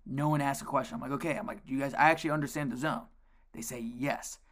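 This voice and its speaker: A man co-hosting a casual podcast, telling coaching stories in an animated way and swearing a lot. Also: medium pitch, fast talker. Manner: animated storytelling, heavy swearing. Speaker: co-host, youth lacrosse coach.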